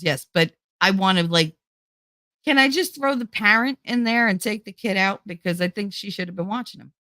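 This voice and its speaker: Lively West Indian-accented woman ranting. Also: mid-range voice, no echo, studio quality. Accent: West Indian, thicker when angry. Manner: animated, profane, mocks others in put-on voices. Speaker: podcast host. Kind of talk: casual storytelling rant.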